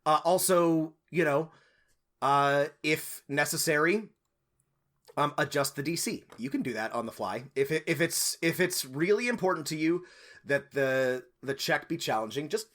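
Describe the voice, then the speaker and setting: A man's voice: on the high side, moderate pace, fairly bright tone. A man co-hosting a casual podcast, giving game master advice in a rambling, thinking-aloud way with lots of fillers.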